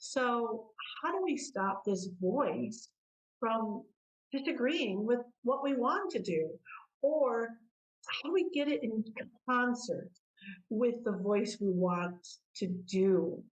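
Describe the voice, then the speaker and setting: A woman coach delivers a motivational self-help talk at an unhurried, measured pace. Her voice sits a little high, and she explains patiently, stopping to pose rhetorical questions to the listener. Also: lively intonation, distant mic, poor audio. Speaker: coach who works with clients.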